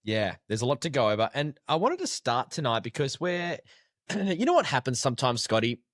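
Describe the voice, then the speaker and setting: A man's voice: medium pitch, very animated, brisk, fairly bright tone, no echo, clean studio sound. A man with an Australian accent hosting a casual sports podcast, joking and crude in his banter. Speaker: podcast co-host.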